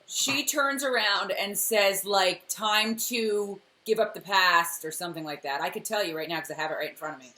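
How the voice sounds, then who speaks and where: A woman co-hosting a casual recap chat, animated, often exclaiming and acting out scenes. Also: lowish voice, quick pace, few pauses. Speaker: podcast co-host.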